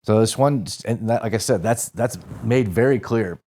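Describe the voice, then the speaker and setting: On the low side and mellow, this man's voice keeps a moderate pace. A former Marine from St. Louis in his forties, he's a podcast guest whose rambling, profane story comes out casually, with frequent self-corrections.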